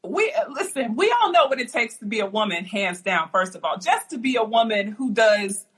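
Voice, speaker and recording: A woman with a high voice hosting a podcast interview in casual chat. She talks in an effusive, excited way, piling on praise for her guest. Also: normal speed, husky. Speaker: podcast host.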